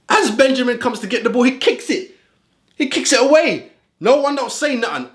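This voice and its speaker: A man's voice: very high-pitched, very animated, moderate pace, a bit bright. A man giving heated reaction commentary as a football fan vlogger, ranting in street slang. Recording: roomy echo.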